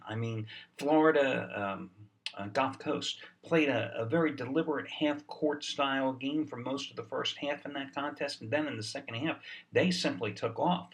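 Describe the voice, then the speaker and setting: A man's voice: mid-range voice, a bit bright, recorded from a distance. A man giving a sports betting video report, salesy and sarcastic, with a lot of "uh" fillers, short on sleep.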